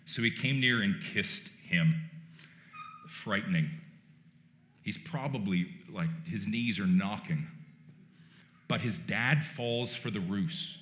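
A male pastor preaching a sermon in a relaxed, conversational way, with wry joking asides. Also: on the low side, takes it slowly, pauses often, slight background noise. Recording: roomy church echo.

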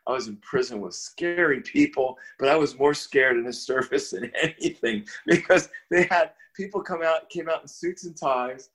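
An older man appearing as an interview guest tells a personal tale in a slightly high voice at normal speed, with few pauses. He sounds casual and animated, chuckling and frequently restarting words.

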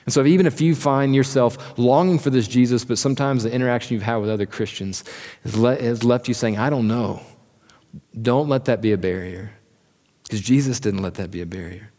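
A man's voice: mid-range voice, fairly quick, dark tone. A man preaching a sermon as pastor, earnest and asking the listeners direct questions. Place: church hall. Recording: church sermon with long hall reverb.

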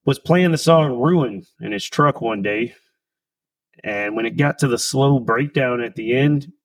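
Relaxed man telling a music story. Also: medium pitch, no echo, rough recording. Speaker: podcast co-host. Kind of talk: casual podcast chat.

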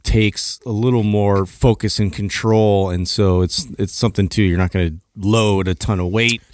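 A man co-hosting a fitness podcast, laid-back and quick to chime in while explaining training. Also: lowish voice, fairly even intonation, a little mellow, a little hiss or hum. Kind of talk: casual chat.

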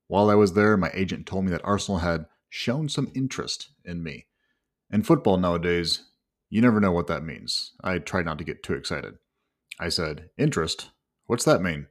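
Low-voiced guy from england telling his own story, wry, self-deprecating. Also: expressive, normal speed. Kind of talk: first-person storytelling read.

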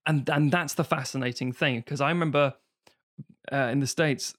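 A male podcast co-host in casual chat, laughing often and talking in an emphatic, animated way. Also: medium pitch, moderate pace, dry recording, studio quality.

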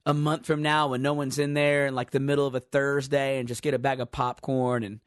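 A man's voice: medium pitch, level tone, brisk, clean tone, dry recording. A man co-hosting a podcast in casual chat, laid-back and wisecracking, talking into a studio microphone. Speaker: podcast co-host.

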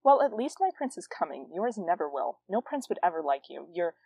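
A woman's voice: lowish voice, big pitch swings, fairly quick, vocal fry, mellow, heavily acted, rough recording. Woman reading as a haughty young noblewoman. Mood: scornful. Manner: dreamy then scornful, taunting.

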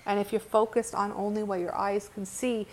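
A woman speaking to her viewers as a spiritual teacher, earnest and impassioned. Her voice sits at an ordinary middle pitch. She circles back through her sentences often, leans on "like", and is blunt enough to curse. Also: flat delivery, moderate pace. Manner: earnest and impassioned, with frequent restarts and "like"; blunt, with occasional cursing.

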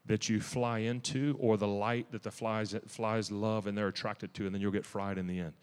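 A man preaching a testimony-style sermon in a church. He is emphatic and zealous, with restarts and sudden loud bursts. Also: fairly low pitch, little pitch movement, normal speed, smooth, long reverb tail.

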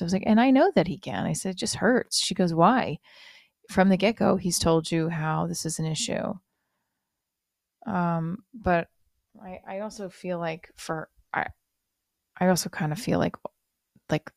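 A middle-aged woman with a low, gravelly voice talks through a confessional podcast monologue. She rambles and restarts with many fillers, sounding hurt and low-spirited. The recording is dry and close. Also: a little mellow, no room sound. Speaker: podcast host.

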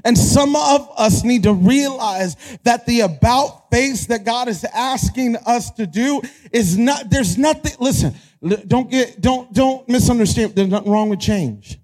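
High-voiced preaching man, animated. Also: a little slow, few pauses. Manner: animated, shouting peaks, acts out quotes. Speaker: pastor. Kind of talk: energetic sermon.

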